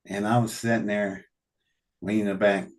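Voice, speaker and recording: A man telling animated anecdotes in a casual conversation, often laughing and quoting what people said. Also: fairly low pitch, a little slow. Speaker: guest telling stories. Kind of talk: casual storytelling.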